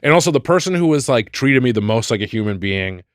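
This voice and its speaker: A man co-hosting a chatty podcast, tripping over his words and repeating himself as he jokes at his own expense. His pitch sits in the middle range, and the sound is dry and close with no room sound. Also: animated, quick pace, no room sound. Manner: stammering, repeats words, self-deprecating jokes. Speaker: podcast co-host. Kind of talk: casual chat.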